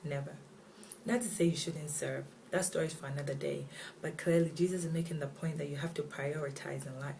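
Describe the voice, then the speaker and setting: A woman's voice: low voice, fairly even intonation, a little fast, vocal fry, a little mellow. A woman giving a casual, chatty Bible devotional, retelling scripture in slangy everyday words. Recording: distant mic with faint background noise.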